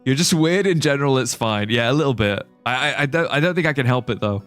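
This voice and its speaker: Brief: British male streamer, animated and jokey, easy casual chat. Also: mid-range voice, quick pace, smooth, dry recording, soft background music. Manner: chatty, joking, reads chat aloud. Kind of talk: casual live gameplay chat.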